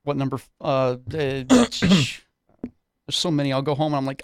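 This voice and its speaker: A man's voice: mid-range voice, measured pace, no room sound. A man co-hosting a radio talk show, chatting casually and rambling with frequent ums and laughs. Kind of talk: casual comedy chat.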